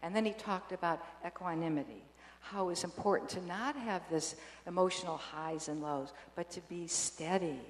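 A woman telling devout family stories in a casual, halting way, full of restarts. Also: on the low side. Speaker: guest sharing family memories. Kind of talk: casual storytelling. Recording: roomy hall with long reverb.

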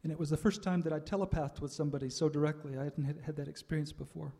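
Older male storyteller, mellow and slightly raised pitch, reflective, halting pauses. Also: steady tone, gravelly, breathy edge. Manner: reflective, with frequent "uh" pauses and soft laughs. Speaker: speaker sharing a spiritual life story. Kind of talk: personal testimony talk.

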